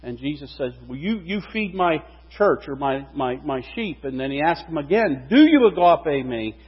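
A man preaching a sermon, animated, his voice rising and falling for emphasis. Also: a little high, normal speed, breathy edge. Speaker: pastor. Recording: dull, reverberant hall recording.

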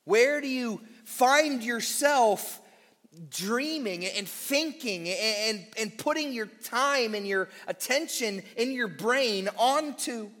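A man preaching a sermon to his church, emphatic and deliberate, slowing on key words with quick asides. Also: very high-pitched, expressive, fairly bright tone, big-room sound. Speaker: pastor.

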